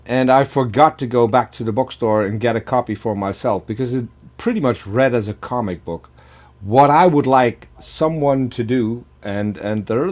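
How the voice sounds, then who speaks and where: A man whose first language is Dutch, talking in a casual panel chat, halting and repeating words. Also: medium pitch, a little mellow.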